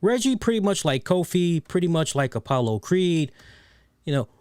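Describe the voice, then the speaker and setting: A man's voice: on the high side, normal speed, clear, resonant tone, no room sound, studio quality. A man hosting a wrestling review show, ranting sarcastically with lots of swearing and repeated phrases. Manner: animated, sarcastic, profane, repeats phrases for emphasis. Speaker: podcast host. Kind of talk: casual wrestling review rant.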